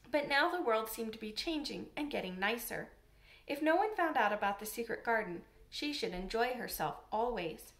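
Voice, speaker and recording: A woman reading a storybook aloud in a calm, measured way. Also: fairly high pitch. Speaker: audiobook reader. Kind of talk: scripted storybook narration. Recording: roomy echo.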